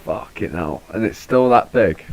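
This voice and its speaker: A man's voice: low-pitched, lively intonation, normal speed, a little mellow, poor audio. A British man, a podcast host, chatting casually and swearing freely, with laid-back banter. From Britain. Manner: swearing, laid-back, puts on posh voices for jokes. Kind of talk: casual chat.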